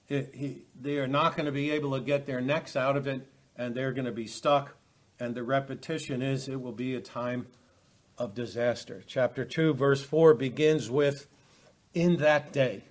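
A man teaching a Bible study, halting often with fillers and restarts as he reads and explains verses. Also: medium pitch, steady tone. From United States.

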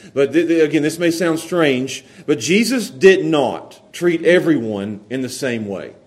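A man preaching a sermon in a church, earnest, often repeating and restarting words. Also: a little high. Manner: earnest, builds from quiet prayer to emphatic preaching. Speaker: pastor. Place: church sanctuary.

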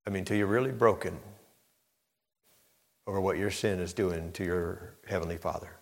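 A man's voice: low-pitched, normal speed. Man preaching in a reverberant hall. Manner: preaching with surging intensity, rising to near-shouted emphasis. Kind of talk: sermon.

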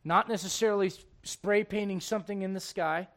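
A male pastor preaching a sermon, swinging between shouted intensity and hushed, gentle tones. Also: sits high, steady tone, brisk.

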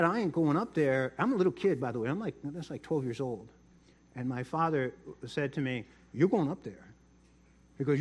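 A middle-aged man preaching a sermon, telling a personal story in a chatty way and often repeating words. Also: a little high. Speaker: pastor.

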